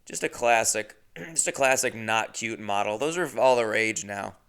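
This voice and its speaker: A man's voice: on the low side, moderate pace, creaky, a bit bright, clean tone. A young man telling a rambling, self-deprecating comic story as a comedian, full of asides.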